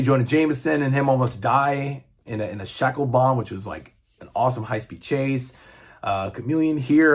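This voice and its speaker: A man in his fifties with a husky, slightly grainy voice, talking about comics in a loose, chatty way. He rambles and gets excited, with the occasional curse thrown in. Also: medium pitch. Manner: rambling, enthusiastic, swears casually. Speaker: comic book reviewer. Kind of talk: casual chat.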